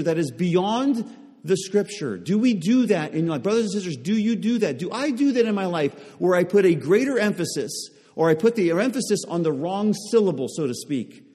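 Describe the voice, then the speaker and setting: Preaching man with a mellow, fairly high voice. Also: husky, long reverb tail. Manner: repeated rhetorical questions to the congregation. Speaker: pastor. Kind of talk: sermon.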